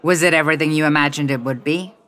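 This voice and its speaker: A storybook reader voicing a cheerful, sly woman friend with a quick, lively delivery. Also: low-pitched. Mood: playful.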